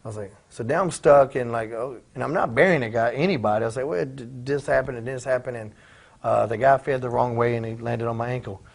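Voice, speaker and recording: Man in his forties, ex-wrestler guest, quick husky delivery, salty language, acts out other people's lines. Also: mid-range voice. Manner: profane, acts out quoted voices in his stories. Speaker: former pro wrestler, interview guest. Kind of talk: casual storytelling in a shoot interview.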